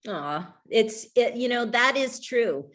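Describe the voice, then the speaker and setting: A woman's voice: a little high, lively intonation, slow pace, fairly bright tone. A middle-aged woman speaking as an author guest, reflective and rambling, with frequent restarts and trailing thoughts. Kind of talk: conversational talk over a video call.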